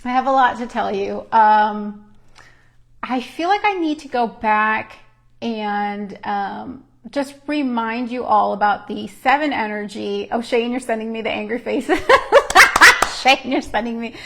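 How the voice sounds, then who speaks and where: Chatty woman with a gravelly edge. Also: a little high, measured pace. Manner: chatty, laughs often, rambling asides. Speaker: numerologist and intuitive counselor hosting a livestream. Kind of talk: casual livestream chat to viewers.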